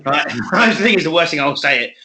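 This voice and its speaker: A young man co-hosting a casual chat podcast, swearing a lot and laughing often as he tells animated stories. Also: on the high side, brisk. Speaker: podcast co-host.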